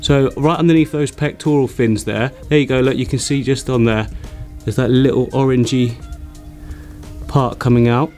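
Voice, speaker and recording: A man vlogging about his aquarium, excitable and chatty, laughing often between remarks. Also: medium pitch, normal speed, faint music behind. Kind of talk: excited casual vlog narration.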